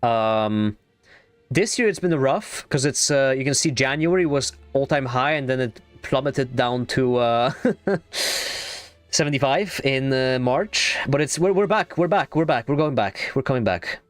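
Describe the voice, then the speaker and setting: A young adult man streaming a game, chatting casually in a rambling, excitable way and swearing freely. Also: medium pitch, measured pace, no echo, soft background music. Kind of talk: casual gaming stream chat.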